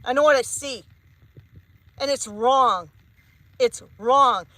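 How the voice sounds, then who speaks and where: Heated, high-pitched woman ranting. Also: slow, bright, forceful tone, dry recording, rough recording. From Canada. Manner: emphatic, repetitive, heated. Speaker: psychic medium. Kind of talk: vlog rant to camera.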